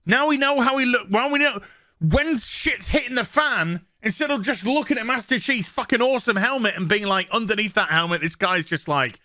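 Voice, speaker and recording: Male reviewer, bright edgy tone, furious sarcastic rant. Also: sits high, normal speed, no echo, clean studio sound. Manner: angry, sweary, sarcastic ranting. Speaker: YouTube reviewer. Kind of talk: ranting review vlog.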